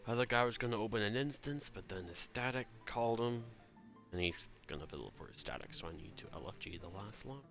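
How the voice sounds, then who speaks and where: Low, bright-voiced man muttering gameplay calls. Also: lively intonation, brisk, dull audio, soft background music. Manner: mutters to himself, calls out raid mechanics. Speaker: streamer and raid player. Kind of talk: casual gameplay commentary.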